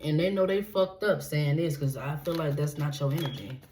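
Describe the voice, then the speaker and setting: A woman's voice: deep voice, normal speed. A woman giving a tarot reading, blunt and profane, checking in with "okay?" after nearly every point. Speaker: tarot reader. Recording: echoey room with steady background noise.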